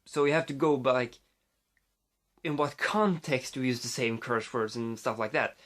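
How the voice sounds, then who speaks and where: A man's voice: mid-range voice, fairly even intonation, moderate pace, fairly bright tone. A man with a Swedish accent, a native Swedish speaker, vlogging casually into his phone, rambling with many fillers and restarts.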